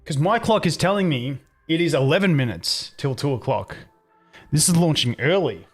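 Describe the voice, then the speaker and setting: Faint music plays behind a young streamer whose voice is on the high side, expressive and slightly rough, at normal speed. His casual chat with viewers drifts into rambling stories with restarts and heavy swearing.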